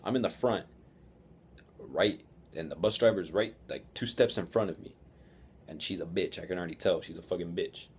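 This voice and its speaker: A man's voice: low voice, moderate pace, pauses often, a little hiss or hum. A teenage boy telling a story in a casual vlog, rambling and profane, often laughing. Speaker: vlogger.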